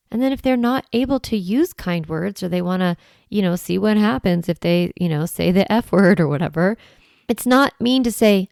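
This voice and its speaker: A woman's voice: medium pitch, expressive, brisk, gravelly, darkish tone, clear, resonant tone, no echo, studio quality. A woman parenting coach talking straight to her listeners, shifting into a firm, strong voice to act out what parents can say to their kids. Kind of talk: solo talk to camera.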